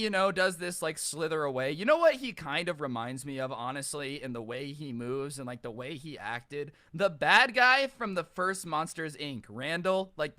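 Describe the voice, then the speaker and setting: A man telling a childhood story as a YouTuber, animated, ranting and sarcastic. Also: a little high. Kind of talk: casual storytime rant.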